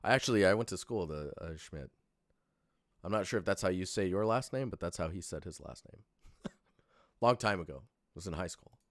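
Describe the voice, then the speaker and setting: A man's voice: sits low, fairly quick, no room sound, clean studio sound. A young man giving a casual, rambling live-stream portfolio critique, sleepy and full of fillers and restarts.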